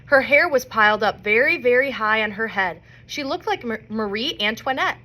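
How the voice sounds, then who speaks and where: Lively woman reading a storybook aloud. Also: on the high side, normal speed. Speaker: reader. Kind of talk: reading a children's novel aloud.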